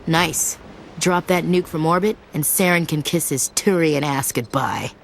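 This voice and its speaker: A tough female marine talks in a blunt, sardonic way. Her voice sits low for a woman, over a faint hum. This is video game dialogue. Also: a little slow, creaky. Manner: blunt, sardonic soldier talk.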